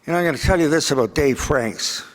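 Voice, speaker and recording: A man's voice: fairly high pitch, fast, in a large hall, slight background noise. A man serving as master of ceremonies, making casual remarks and introducing the next honouree.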